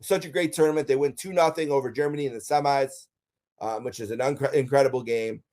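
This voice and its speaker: With a steady, darkish, mid-range voice, this Buffalo, USA native talks fast. He's a middle-aged man sharing personal stories in a relaxed countdown, upbeat and enthusiastic, with frequent ums and uhs.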